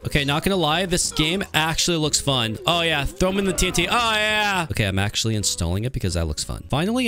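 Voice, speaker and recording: A man's voice: mid-range voice, fairly bright tone. A young man giving sarcastic, jumpy commentary while playing a mobile game, mocking himself and the ads. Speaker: gaming YouTuber.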